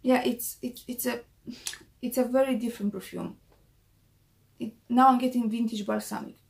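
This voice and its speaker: A woman's voice: fairly high pitch, fairly even intonation, normal speed, vocal fry. A woman talking casually to camera in a perfume review vlog, chatty and repeating her key points for emphasis.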